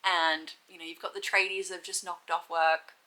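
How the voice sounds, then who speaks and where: A woman's voice: on the low side, little pitch movement, moderate pace, pushed and bright, rough recording. A young Australian woman chatting casually and gushing about books she has read, laughing often. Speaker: book vlogger. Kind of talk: casual chat.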